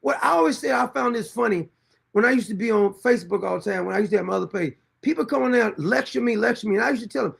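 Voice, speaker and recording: A man's voice: very high voice, fast talker, creaky, a bit bright, slightly rough. A middle-aged man, hosting a livestream and bluntly scolding commenters in a confrontational, repetitive way. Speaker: show host.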